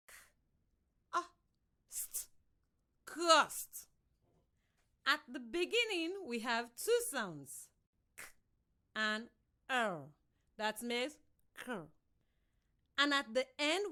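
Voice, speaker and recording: A woman teacher from Sierra Leone giving a slow, drawn-out primary reading lesson on radio. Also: a little high, pushed and bright. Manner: slow, drawn-out classroom instructions.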